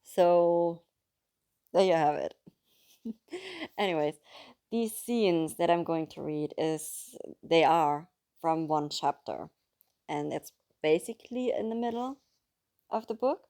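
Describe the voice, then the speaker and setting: A woman with a German accent and a low, deep-set voice. She talks through a book in a chatty, self-correcting way and reads passages aloud plainly. English is her second language. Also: animated, slow, long pauses, warm tone. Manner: chatty and apologetic, with restarts. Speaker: book reader. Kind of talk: casual book introduction and reading aloud.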